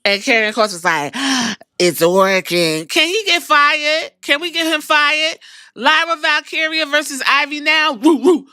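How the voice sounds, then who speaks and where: A woman's voice: high-pitched, expressive, normal speed, bright, forceful tone, no room sound, studio quality. A woman podcast host giving a sassy, profane, chatty recap of a wrestling show.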